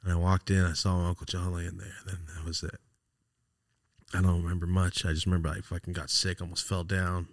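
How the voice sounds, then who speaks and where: A man hosting a podcast, telling a personal story in a raw, profane, halting way, his voice sometimes sinking almost to a whisper. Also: deep voice, level tone, creaky, no echo, clean studio sound. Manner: raw, profane, halting, drops to a near-whisper when upset. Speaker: podcast host. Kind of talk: casual storytelling.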